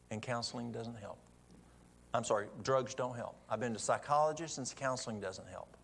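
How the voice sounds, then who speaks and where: Man, gravelly low-middle voice, folksy church storyteller, faint hiss behind. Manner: folksy testimony storytelling with quoted dialogue. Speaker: church speaker. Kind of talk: sermon storytelling.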